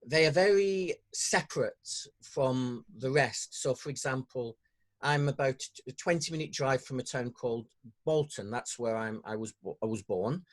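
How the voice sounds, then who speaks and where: A man's voice: mid-range voice, animated, normal speed. Northern english guy hosting a podcast, lots of ums and false starts. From northern England. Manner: hesitant, many ums and restarts. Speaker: podcast host. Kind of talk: conversational interview.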